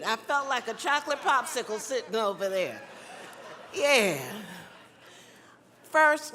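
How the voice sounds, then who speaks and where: A woman from South Carolina with a Southern accent gives a folksy, teasing convention speech in a large hall, chatting and calling out to the crowd. Her voice is fairly high and a bit bright, and the recording carries long hall reverb.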